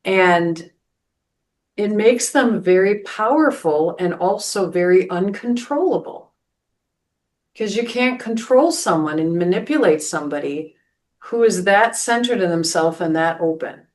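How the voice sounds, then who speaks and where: Earnest woman pastor, low voice. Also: a little slow. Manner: earnest, many restarts and "right?" asides. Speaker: pastor and podcast host. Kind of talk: spiritual podcast talk, storytelling.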